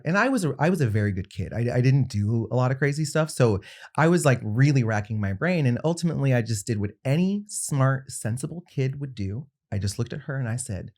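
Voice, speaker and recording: A man's voice: medium pitch, animated, moderate pace, a little mellow. A young adult man, a podcast guest, telling a personal story in casual conversation and acting out the people he quotes.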